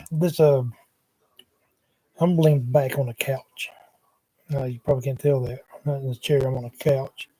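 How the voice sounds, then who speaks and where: A man's voice: mid-range voice, fairly even intonation, moderate pace, pauses often, warm tone. A man, rambling casually on a livestream from his couch at home, talking into a laptop microphone in a drawling, wandering way with muttered asides.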